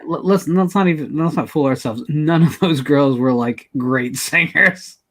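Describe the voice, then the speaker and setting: A man's voice: on the high side, normal speed, fairly bright tone. A man hosting a podcast, chatting casually with wry humor and telling stories. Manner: talkative, wry, storytelling. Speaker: podcast host. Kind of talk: casual chat.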